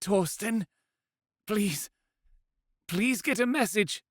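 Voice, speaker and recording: A male narrator voicing a wounded, determined young woman in an audiobook, quiet and strained. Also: high voice, slow, no room sound, studio quality, voice pushed up, full character voice. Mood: pleading. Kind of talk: audiobook character voice.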